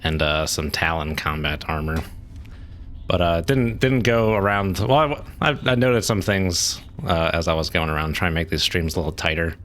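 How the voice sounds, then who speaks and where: A man's voice: low voice, normal speed, a bit bright. A man streaming a game, giving casual, rambling commentary as he plays and thinks aloud.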